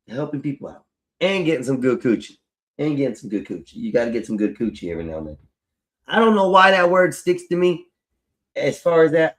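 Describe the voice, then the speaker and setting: A man chatting casually to viewers on a live stream, loose and profane, rambling and talking to his audience as y'all. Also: medium pitch. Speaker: livestreamer. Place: at home, fixing his hair on camera.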